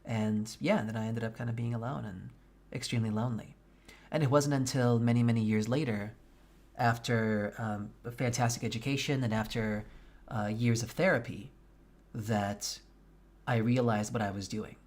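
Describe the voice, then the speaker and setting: A man streaming a game, chatting casually with his viewers, candid and quick to swear. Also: medium pitch, steady tone, a little mellow. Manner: candid and profane, venting frankly. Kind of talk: casual chat with live viewers.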